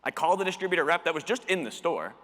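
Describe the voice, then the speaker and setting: A man giving a storytelling keynote talk at a conference, animated and acting out the quoted dialogue. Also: on the high side, fast. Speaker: conference speaker. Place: conference hall. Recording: long reverb of a conference hall.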